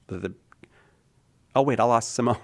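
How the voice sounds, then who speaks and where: A man's voice: medium pitch, normal speed. A man hosting a call-in radio show, chatty, laughing often and trailing off mid-sentence. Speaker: radio host. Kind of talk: casual radio talk.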